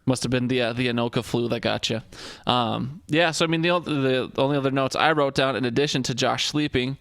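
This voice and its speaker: A man's voice: medium pitch, a little fast, a bit bright, dry recording. A man with a mid-range voice talks through football recaps on a casual podcast, rambling and loose with plenty of fillers. His voice sounds close and dry, with no room sound around it. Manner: rambling, filler-heavy, joking. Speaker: podcast co-host. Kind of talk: casual sports chat.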